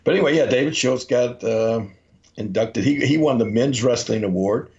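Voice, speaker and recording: Slightly mellow, at medium pitch and moderate pace, a Memphis, Tennessee man co-hosting a podcast tells rambling stories and acts out what people said. It's captured on dull, lo-fi audio.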